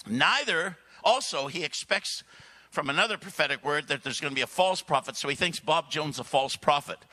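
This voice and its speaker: A man speaking at a church service, telling a long story with lively asides and frequent throat clearing. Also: a little high. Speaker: guest speaker. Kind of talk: sermon storytelling.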